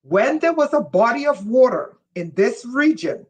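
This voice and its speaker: A woman giving a live-streamed spiritual lecture, speaking emphatically, repeating key lines slowly for effect, and asking her viewers questions as she goes. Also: on the high side, very animated, darkish tone, low-quality recording. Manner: asks listeners questions. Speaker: spiritual teacher.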